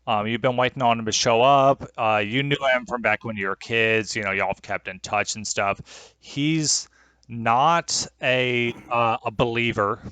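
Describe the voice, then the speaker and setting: Young male game master on a video call, hesitant and rambling, dry sound, mid-pitched. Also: fairly even intonation, unhurried, pushed and bright, smooth, no echo, lo-fi sound. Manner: rambling, hesitant, many fillers. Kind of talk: narrating a tabletop game over a call.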